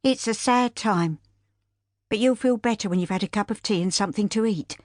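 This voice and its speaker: A woman voicing a practical older family friend who speaks briskly, sternly and with plain comfort. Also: medium pitch, darkish tone, no room sound, clean studio sound, pitched above the performer's own voice, lightly acted.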